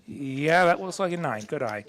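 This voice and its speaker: A man's voice: fairly high pitch, expressive, normal speed, fairly bright tone. A man doing live play-by-play commentary on poker, easygoing and analytical as he walks through each hand. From not from Texas.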